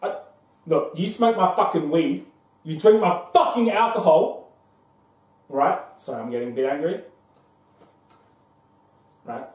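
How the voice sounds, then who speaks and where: A hot-tempered broke young waiter, played by a man, swearing freely and flaring up fast. His voice sits high and swings widely in pitch. It sounds distant, in a very echoey room. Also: expressive, a little mellow. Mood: irritated. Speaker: actor in a comedy short.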